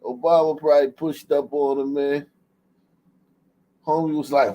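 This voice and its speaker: Slow-talking high-voiced man riffing. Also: steady tone, mellow. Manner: profane, laughing, ends lines with "man". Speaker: livestream host. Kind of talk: casual commentary.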